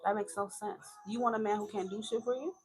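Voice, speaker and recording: A woman's voice: mid-range voice, steady tone, quick pace, heavy background noise. A woman giving a chatty tarot reading, frank and talkative, laughing often. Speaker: tarot reader.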